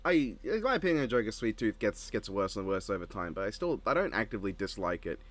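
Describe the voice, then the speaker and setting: A man's voice: lowish voice, very animated, fast, a bit bright. A man with an Australian accent, co-hosting a casual reaction chat and rambling through his points. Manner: rambling, with frequent restarts and laughs. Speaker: co-host reacting to an episode.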